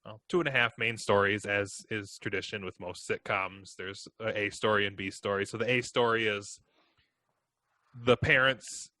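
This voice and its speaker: A man's voice: fairly low pitch, fairly even intonation, normal speed, bright, forceful tone, dry recording. A man co-hosting a movie podcast, explaining a show's premise in casual, matter-of-fact chat. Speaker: podcast co-host.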